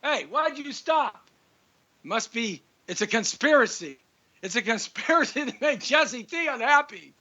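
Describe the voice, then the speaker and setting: A man's voice: very high voice, lively intonation, unhurried, bright, forceful tone, muffled recording. A man hosting a live talk show, ranting in a frustrated monologue.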